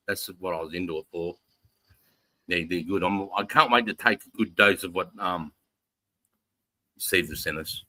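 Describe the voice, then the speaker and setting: A middle-aged man tells a story in a casual, swear-heavy way, acting out what people said along the way. His voice sits a little low and has a bright, forceful edge. The sound is dry and close, with almost no room around it. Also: no room sound. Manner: profane, animated anecdote-telling with acted-out quotes. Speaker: live show host.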